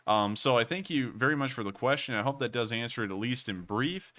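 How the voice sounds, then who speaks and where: A man's voice: medium pitch, a little fast, few pauses, pushed and bright. A man hosting a casual livestream Q&A, rambling and repeating stock phrases as he answers viewers. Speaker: host. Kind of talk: livestream commentary and Q&A.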